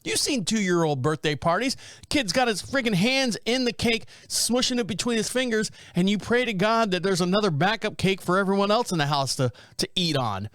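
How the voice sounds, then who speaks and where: A man's voice: high voice, lively intonation, normal speed, a bit bright, no echo, studio quality. A man hosting a podcast, reading out a story in a casual, rambling, blunt way with joking asides. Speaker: podcast host.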